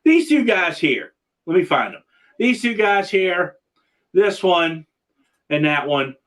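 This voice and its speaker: A man's voice: high voice, sing-song, slow, a bit bright. A man hosting a casual video-call chat, rambling and restarting his sentences often. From Pennsylvania. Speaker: podcast host.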